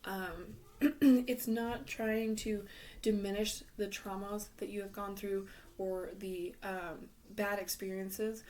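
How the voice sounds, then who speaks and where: A woman's voice: mid-range voice, fairly even intonation, slow, a little mellow. A woman giving a tarot reading in a casual, advising way, losing her voice, with frequent ums and some half-whispered words. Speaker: tarot reader.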